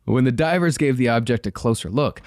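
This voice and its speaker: A man's voice: mid-range voice, a little fast, darkish tone, no room sound, clean studio sound. A man co-hosting a podcast, reading research notes in a casual, sarcastic way and swearing freely. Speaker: podcast co-host.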